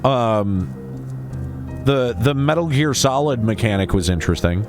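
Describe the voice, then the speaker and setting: A man's voice: mid-range voice, expressive, measured pace. A man streaming a game, chatting casually with stammered restarts and casual swearing. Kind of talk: casual live-stream chat. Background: game music.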